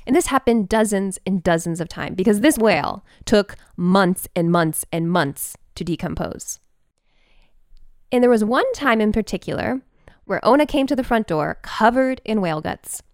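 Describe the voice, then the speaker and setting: A woman telling a personal story in an animated, expressive way, with quick bursts. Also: mid-range voice, dry recording, studio quality.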